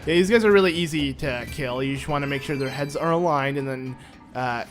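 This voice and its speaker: A man's voice: mid-range voice, a little fast, music in the background. A man hosting a casual let's-play, rambling and chatty, with self-mocking sarcasm as he plays a console game at home. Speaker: gaming channel host.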